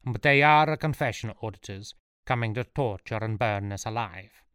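A man's voice: fairly low pitch, normal speed, a bit bright, smooth, no echo, clean studio sound, lightly acted. A man voicing an earnest, learned inventor in a storybook reading, speaking in an explanatory way. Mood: grave.

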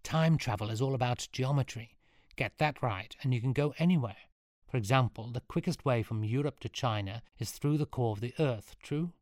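A man's voice: mid-range voice, moderate pace, a little mellow, no echo, studio quality, natural voice. A man voicing a cocky surfer boy who boasts in a breezy, show-off way. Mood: boastful.

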